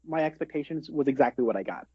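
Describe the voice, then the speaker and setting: A man co-hosting a casual podcast, relaxed and quick to laugh. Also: medium pitch, breathy edge, no echo. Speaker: podcast co-host. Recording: dry, dull lo-fi sound.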